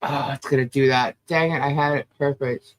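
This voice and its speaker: A man's voice: medium pitch, fairly even intonation, moderate pace. A man hosting a livestream who chats casually and rattles off viewers' names. He sounds a bit stuffy and nasal from the humidity and allergies. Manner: upbeat, chatty, rattles off names. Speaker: livestream co-host.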